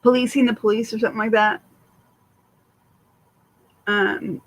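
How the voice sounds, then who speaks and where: A woman's voice: fairly high pitch, little pitch movement, unhurried, pauses often, low-quality recording. A woman hosting a casual livestream, swearing freely and rambling with many fillers while answering viewer chat. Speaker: livestream host.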